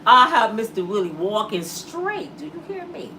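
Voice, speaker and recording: Lively, bright-voiced woman vlogger. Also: a little high, normal speed, far from the mic, slight background noise. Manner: animated and blunt, acting out quoted voices. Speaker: YouTube commentator. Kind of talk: casual commentary to camera.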